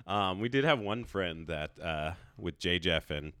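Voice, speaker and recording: A man's voice: low-pitched, expressive, unhurried, sharp tone, clean tone, no room sound, studio quality. A man in his thirties co-hosting a podcast, laid-back in casual chat and laughing often. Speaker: podcast co-host.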